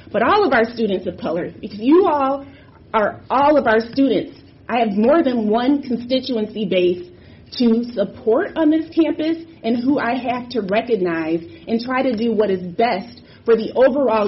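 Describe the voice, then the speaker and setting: A woman on a university board giving an impassioned, emphatic statement at a public meeting, repeating phrases for force. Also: mid-range voice. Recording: muffled lo-fi audio with faint background noise.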